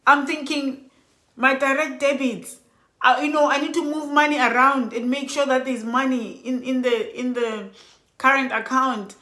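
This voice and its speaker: Tired, animated woman in an echoey room. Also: sits high, normal speed. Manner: animated, emotional storytelling. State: exhausted. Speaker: vlogger. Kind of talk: storytime vlog.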